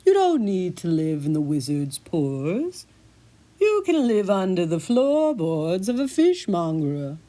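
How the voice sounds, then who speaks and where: Brief: a scheming male cat, low and slow, in an audio story, performed by a woman. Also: big pitch swings, dark tone. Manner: slow deliberate drawl.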